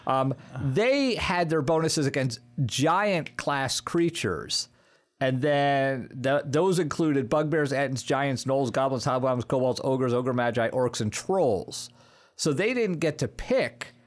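A middle-aged man on a podcast, animated as he tells stories about running a tabletop game and slips into quick character voices. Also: medium pitch. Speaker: podcast co-host and game master. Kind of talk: casual podcast chat.

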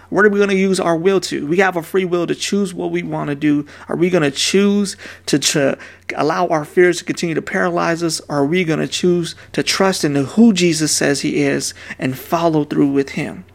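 Male pastor, 30s, gravelly fry, casual street-talk sermon delivery. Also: on the high side. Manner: casual, conversational preaching with slang asides.

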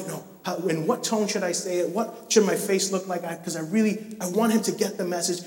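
A man's voice: high voice, fairly quick, hardly any pauses. A man preaching a sermon, telling a story animatedly and acting out its scenes. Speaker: pastor. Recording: echoey hall, mic far off.

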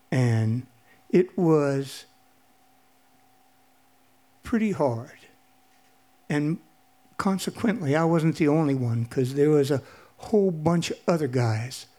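Halting older man telling a memory. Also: dark tone. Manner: halting, low-key, with many pauses. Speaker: storyteller. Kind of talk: personal storytelling at a live event.

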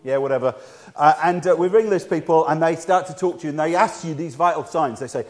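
A man's voice: a little high, fast talker. A middle-aged man preaching a conversational sermon, telling a story with acted-out dialogue and laughing at himself. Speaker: pastor.

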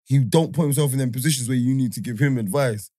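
A man's voice: mid-range voice, fast talker. A young man, telling stories in slang-heavy casual banter on a podcast. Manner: animated storytelling, slang-heavy.

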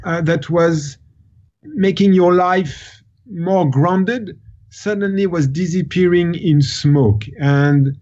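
A man, a guest on an interview show, speaking in a halting way with many repeats and fillers. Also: high-pitched, a little mellow. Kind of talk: casual interview talk. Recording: slightly muffled audio.

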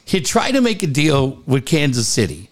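A man's voice: medium pitch, normal speed. A man hosting a casual talk show, telling a story full of swearing and acted-out quotes. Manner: profane storytelling, animated quoted voices. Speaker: host. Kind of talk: casual chat.

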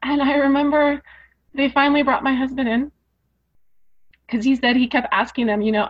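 A woman's voice: sits high, flat delivery, moderate pace, pauses often. A woman telling her own story as a guest in an interview. She speaks earnestly and emotionally, repeating phrases for emphasis. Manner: emotional, rising intensity. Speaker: podcast guest. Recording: dull lo-fi podcast audio.

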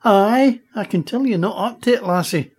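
A man voicing a proud Highland chieftain, a talking egg in a storybook, with a Scottish accent. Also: darkish tone, breathy edge. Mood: hearty. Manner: proud, brisk, aloof.

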